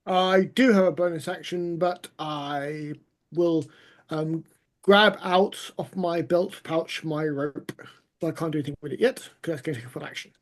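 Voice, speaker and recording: A man's voice: a little high, moderate pace. A man speaking as a player in a tabletop game, rambling with many fillers. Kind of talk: casual tabletop play.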